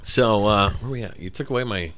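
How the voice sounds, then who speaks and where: A man's voice: on the low side, brisk, fairly bright tone. A man hosting a comedy podcast, joking in mock-serious, newscaster-style bits. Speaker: podcast host.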